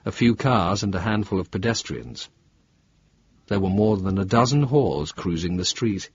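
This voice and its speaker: A man narrating a thriller audiobook in an expressive, lively reading. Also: low voice, moderate pace, slightly rough, no echo. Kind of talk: scripted narration. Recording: dull lo-fi dry recording.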